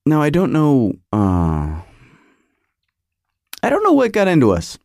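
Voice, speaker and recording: A man's voice: fairly high pitch, wildly swooping pitch, slow pace, darkish tone, no echo, clean studio sound. A middle-aged American man hosting a podcast, telling a rambling, nostalgic story that keeps stopping and restarting as he searches his memory. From United States. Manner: nostalgic, self-interrupting, searches memory aloud. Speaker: podcast host. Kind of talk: rambling monologue.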